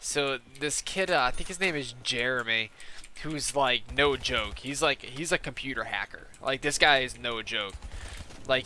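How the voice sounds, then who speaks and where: A man with a very bright, tense voice, rambling through a story in loose, profane talk. He keeps quoting both sides of an argument with "I'm like." A faint hum sits behind him. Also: mid-range voice. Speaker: gaming YouTuber. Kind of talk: casual storytelling while gaming.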